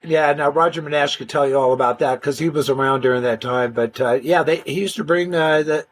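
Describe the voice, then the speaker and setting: An older man telling stories casually in an interview, animated and slangy, often restarting his sentences. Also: fairly high pitch, fairly quick. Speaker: interview guest.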